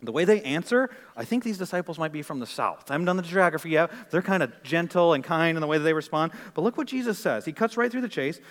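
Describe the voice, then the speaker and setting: A male pastor from the northern US preaching a sermon, moving from quiet explanation to loud, urgent exhortation. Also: a little high, lively intonation, fast, hardly any pauses, long reverb tail.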